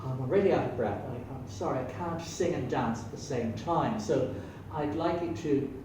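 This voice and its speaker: A man's voice: mid-range voice, normal speed. An Irish man in his sixties doing rambling, self-mocking stand-up comedy on a small stage. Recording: echoey room, distant mic, faint hum.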